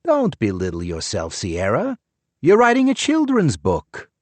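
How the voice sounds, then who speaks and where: A man voicing a shrunken elderly lawyer in an audiobook, proud and smooth-talking. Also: mid-range voice, wildly swooping pitch, unhurried, dry recording, pitched above the performer's own voice. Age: older.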